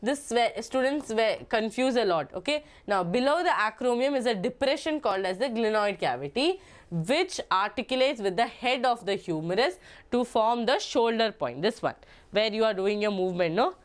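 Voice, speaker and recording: Woman, young, Malayali accent, biology teacher, chatty, repeats herself, slightly high voice. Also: lively intonation, moderate pace. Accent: Malayali English. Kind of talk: online exam-prep lecture.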